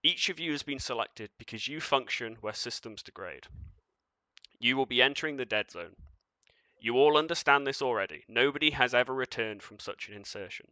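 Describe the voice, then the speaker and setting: A man's voice: mid-range voice, sharp tone, no room sound, close to an everyday voice. A man voicing a cold being of light. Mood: formal. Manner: measured, formal pronouncements.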